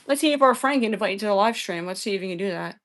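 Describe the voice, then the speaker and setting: A rapid-fire, animated woman with a medium-pitched, somewhat bright voice argues hotly with her livestream chat. Combative and foul-mouthed, she berates viewers and keeps looping back to the same phrases.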